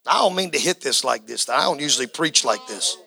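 A male pastor delivering an impassioned sermon, swinging from quiet talk to shouting. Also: medium pitch, expressive, brisk, creaky, husky, no room sound, low-quality recording.

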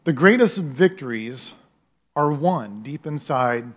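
A man's voice: mid-range voice, animated, slow. A man preaching a sermon as a pastor, earnest and conversational, often restarting his phrases and talking directly to the congregation.

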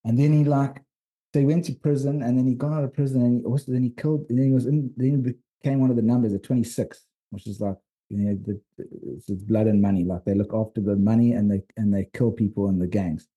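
A man with a South African accent, co-hosting a podcast, telling rambling, animated stories in casual chat. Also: medium pitch, fast talker. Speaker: podcast co-host and documentary filmmaker.

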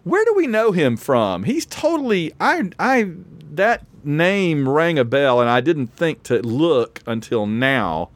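A man's voice: on the high side, very animated, takes it slowly, no echo. A man hosting a podcast in casual chat over an online call, laughing often and restarting his sentences. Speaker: podcast host.

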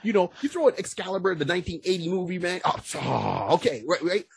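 A man co-hosting a podcast in casual chat, talking excitedly, with stammering restarts and whoops. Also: high voice, fast, breathy edge, no room sound. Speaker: podcast co-host.

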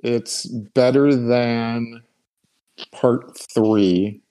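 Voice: medium pitch, fairly even intonation, very slow, dark tone, low-quality recording. A podcast co-host talking casually with frequent giggles and hesitant fillers. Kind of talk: casual chat.

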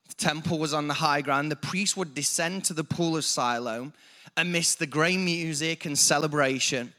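A man's voice: fairly high pitch, fairly bright tone. A man preaching a sermon, building emphasis with repeated phrases and stopping to correct himself. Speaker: pastor.

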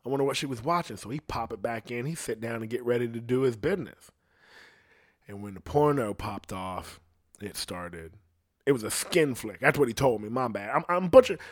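A young man spins a crude, profane story in loose casual chat, rambling through restarts and breaking into laughs along the way. His voice sits at an ordinary middle pitch. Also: normal speed, no echo, clean studio sound. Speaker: podcast storyteller.

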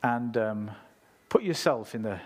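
Husky man preaching. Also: medium pitch, unhurried. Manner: conversational preaching, reads scripture, asks listeners. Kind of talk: sermon.

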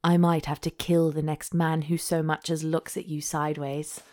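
A woman reading aloud, voicing a tender, possessive young duke in her own slightly low voice. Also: level tone, normal speed, darkish tone, natural voice.

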